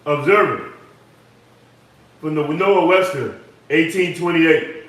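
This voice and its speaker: A man in a study group reading a definition slowly and hesitantly. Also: fairly high pitch, fairly bright tone. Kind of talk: reading dictionary entries aloud. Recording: echoey room, far from mic.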